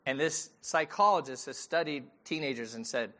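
A man's voice: medium pitch, moderate pace, sharp tone. A middle-aged man, a pastor giving a sermon in a conversational storytelling way and asking the audience questions.

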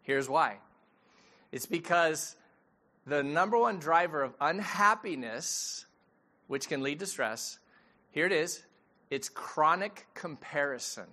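Bright-voiced pastor preaching. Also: male voice, a little high, lively intonation, takes it slowly, pauses often. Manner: storytelling, conversational, asks the audience questions. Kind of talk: sermon.

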